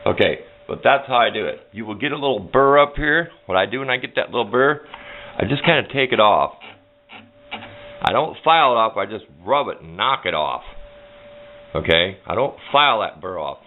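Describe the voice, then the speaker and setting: Man, lowish voice, folksy how-to demo, tinny lo-fi camera sound with a faint hiss. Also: animated, a little fast. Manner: folksy, plain-spoken, instructive. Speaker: DIY video maker. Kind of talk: casual how-to demonstration.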